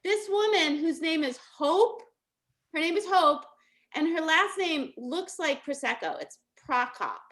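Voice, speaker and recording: A woman's voice: very high voice, expressive, unhurried, a bit bright. A middle-aged woman, giving a casual motivational talk as a coach and telling stories with lots of laughter. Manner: chatty, laughing storytelling.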